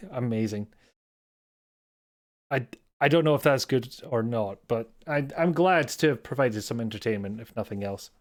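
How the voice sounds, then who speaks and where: Scottish male streamer, middle-pitched, casual and self-deprecating, rambling desk-mic chat. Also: expressive, measured pace, pauses often. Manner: rambling, self-mocking, chuckles often.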